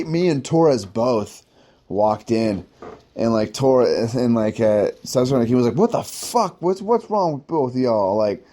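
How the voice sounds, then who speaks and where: A man's voice: medium pitch, warm tone. Rambling, profane man telling stories. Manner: rambling, profane, heavy use of "like"; laughs at himself mid-story. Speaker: podcast host telling war stories. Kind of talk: casual personal storytelling.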